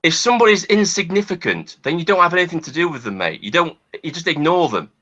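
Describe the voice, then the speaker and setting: A man's voice: a little high, lively intonation, fast talker, bright, forceful tone. Angry swearing man on a call. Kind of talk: heated online argument. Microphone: video call. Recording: lo-fi video call audio.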